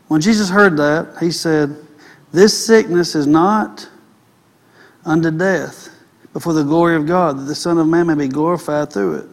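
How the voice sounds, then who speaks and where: Pitched on the high side, a man gives a sermon that begins with unhurried scripture reading interrupted by commentary and grows into impassioned, loud preaching.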